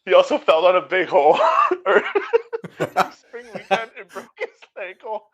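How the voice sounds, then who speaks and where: A man's voice: high voice, expressive, normal speed, a bit bright. A man co-hosting a horror movie podcast, chiming in with extra details of the story while laughing in casual chat. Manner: giggly, chimes in with extra details. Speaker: podcast co-host.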